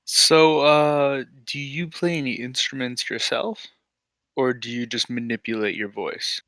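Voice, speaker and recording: A man's voice: mid-range voice, fairly even intonation, unhurried, pushed and bright, no room sound. A man playing a bard at the table, answering with hesitant, stammering lines. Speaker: player. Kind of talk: in-character table talk.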